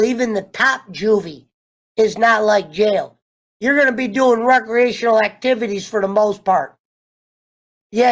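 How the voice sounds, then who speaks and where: A man casually ranting through a TV show review, animated and profane, wandering off on tangents. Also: high-pitched. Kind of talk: casual rambling rant.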